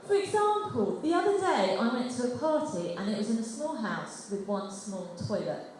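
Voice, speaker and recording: A woman's voice: on the high side, big pitch swings, normal speed, darkish tone. Chatty woman doing stand-up. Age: adult past eighteen. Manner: self-deprecating, chatty, laughs through lines. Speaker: stand-up comedian. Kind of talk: open mic stand-up set. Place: school hall stage. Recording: echoey school hall, faint noise.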